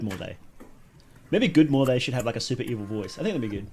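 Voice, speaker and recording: A man streaming a casual reaction who gets excitable, laughs often and thinks out loud. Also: medium pitch, fast, slight background noise.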